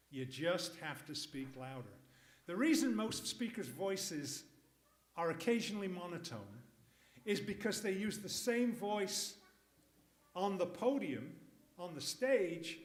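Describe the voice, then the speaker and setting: A man teaching public speaking to a live audience in a workshop, emphatic and jokey. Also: high-pitched. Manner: lively, emphatic, jokey asides. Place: conference room. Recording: echoey room.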